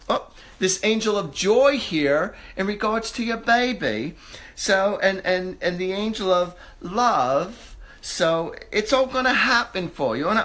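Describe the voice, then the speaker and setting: A man with a fairly high voice hosts a live psychic reading. He searches for his words with frequent fillers and restarts. He sounds upbeat and reassuring as he talks to viewers. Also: a bit bright. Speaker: psychic medium host.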